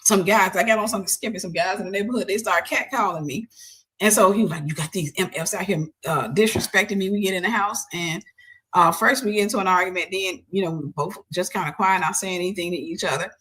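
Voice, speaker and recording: A woman hosting a talk show tells a story from her own life. She is lively and conversational, acts out other people when she quotes them, and drops to a hushed, almost whispered tone at the heavy moments. Her pitch sits in the middle range. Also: fast. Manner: animated, quotes people in changed voices, drops into soft near-whispers. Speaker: host. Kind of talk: personal storytelling.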